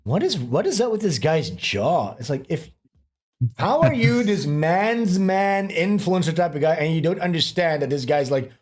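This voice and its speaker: A man hosting a livestream, talking in crude, animated, ranting commentary. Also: fairly high pitch, normal speed. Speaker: streamer host.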